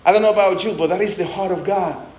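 A man's voice: high voice, fast talker, darkish tone, reverberant, low-quality recording. A man preaching a sermon in a conversational way, often restarting and adding asides. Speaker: pastor.

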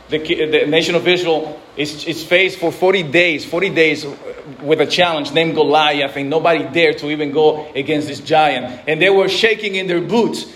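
Earnest male pastor, high voice, preaching with restarts and repeated words. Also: a bit bright, slight background noise. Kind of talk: sermon.

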